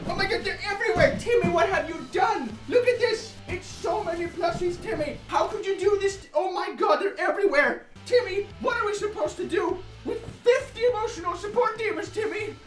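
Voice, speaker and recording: A woman voicing a frantic woman who yells at someone named Timmy in exasperation, with a shrill, scolding manner. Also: brisk, hardly any pauses. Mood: exasperated. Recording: echoey, distant, loud music behind.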